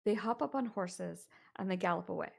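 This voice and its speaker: A woman's voice: mid-range voice, a little fast, vocal fry, a little mellow, slightly rough. A woman narrating as dungeon master in a tabletop game, chatty and full of fillers. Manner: chatty, laughing, many fillers.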